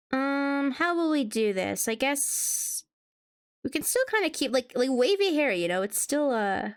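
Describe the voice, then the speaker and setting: A woman's voice: high-pitched, very animated, slow, long pauses. Chatty, giggly woman streamer. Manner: chatty, giggly, hums along to music. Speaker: VTuber streamer. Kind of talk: casual live-stream chat while drawing.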